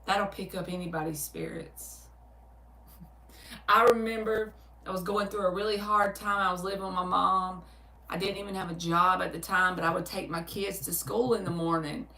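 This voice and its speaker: A woman's voice: on the low side, normal speed, vocal fry, distant mic, a little hiss or hum. A woman with a Southern US accent chatting casually on a livestream, reading out viewer comments and answering them with easy laughs. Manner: laughs easily, animated storytelling. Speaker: tarot reader hosting a livestream. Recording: roomy sound, speaker away from the mic.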